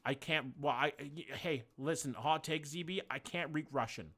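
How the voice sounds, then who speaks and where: A man's voice: a little high, normal speed, a bit bright. A man streaming a game live, thinking aloud, swearing casually and greeting viewers by name. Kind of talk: casual live-stream chat while playing.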